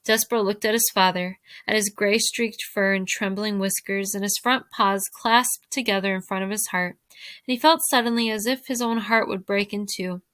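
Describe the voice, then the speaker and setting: A woman teacher reading a novel aloud to her fifth-grade class, expressive and speaking directly to her listeners. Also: medium pitch, moderate pace, no echo.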